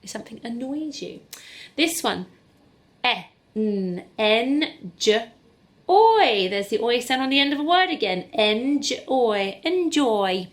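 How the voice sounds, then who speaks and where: Female teacher, higher-pitched, unhurried phonics lesson delivered straight to camera. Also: lively intonation. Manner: slow, sounds out letters, encouraging. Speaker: primary school teacher. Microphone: camera in front of her.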